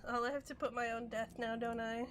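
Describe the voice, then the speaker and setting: A tipsy woman streaming a game, reacting loudly with swearing and laughter. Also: on the high side, flat delivery, brisk, noisy background. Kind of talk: live gaming stream with drinking game.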